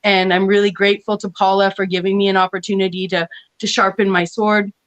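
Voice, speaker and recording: A woman's voice: medium pitch, little pitch movement, brisk, muffled recording. A woman talking casually on an online panel, rambling with many restarts and frequent laughs. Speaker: panel guest.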